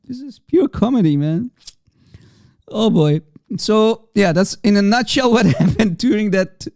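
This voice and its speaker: A man hosting a livestream, reacting to clips with laughing, excitable, mocking asides to viewers. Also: sits high, unhurried, no echo, studio quality. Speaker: livestream host. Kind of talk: live reaction commentary.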